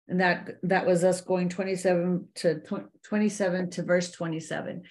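A middle-aged woman giving a faith-based leadership talk to women, earnest and animated, speaking to her listeners directly as ladies. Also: lowish voice, moderate pace, hardly any pauses. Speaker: business coach teaching women.

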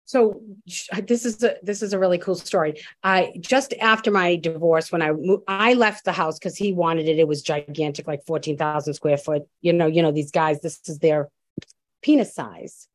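A woman's voice: low-pitched, normal speed, no room sound. A woman guest telling her story in a candid, emphatic, blunt way, often restarting her sentences.

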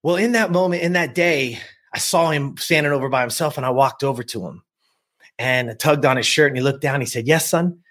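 A man in his fifties from the US West Coast, a productivity coach appearing as a guest, tells a personal story with emphasis and speaks straight to his listeners. His voice is mid-range and a bit bright, and he talks fairly quickly.

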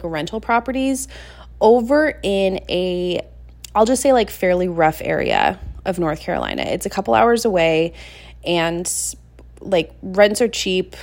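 A woman's voice: mid-range voice, a little mellow. A woman in her thirties telling a personal story in casual, rambling chat, full of "like" and "you know what I mean", confessional and self-deprecating. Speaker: podcast host.

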